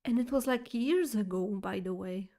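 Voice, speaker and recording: A woman's voice: medium pitch, moderate pace, creaky, warm tone. A woman streamer chatting casually with her viewers, rambling through a story with lots of fillers, restarts and giggles. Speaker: streamer talking to chat. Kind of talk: casual chat, telling a nightmare story.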